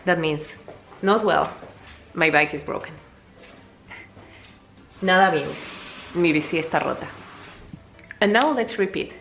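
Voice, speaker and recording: A young woman, not a native English speaker, teaching a casual video language lesson in a chatty way, jumping high in pitch to show words. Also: measured pace, pauses often, slight background noise. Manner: lively, jumps high to demonstrate words, chatty with fillers.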